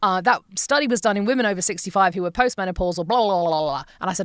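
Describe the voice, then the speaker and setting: Speaking quickly in a lowish voice, a British woman of roughly fifty, a broadcaster, guests on a podcast for a casual interview chat. She's an animated storyteller who acts out quoted voices, captured in a dry, studio-quality recording.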